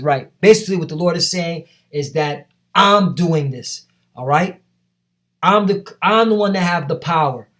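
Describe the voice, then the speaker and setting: Emphatic preacher man, fairly high voice. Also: unhurried, fairly bright tone. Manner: emphatic, repetitive, with many tag questions. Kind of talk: street sermon with scripture reading.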